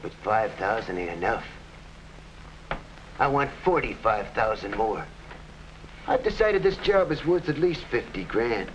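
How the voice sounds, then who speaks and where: An actor playing a ruthless, scheming hired killer in an early TV crime drama, talking tough gangster slang. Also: male voice, fairly low pitch, big pitch swings, unhurried, long pauses. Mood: gloating. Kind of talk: 1950s TV crime drama acting. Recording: dull old TV soundtrack with faint hiss.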